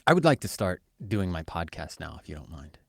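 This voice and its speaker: A man's voice: low-pitched, very animated, a little fast, creaky, a bit bright, dry recording, clean studio sound. A man hosting a podcast, bantering playfully and teasingly with his co-host.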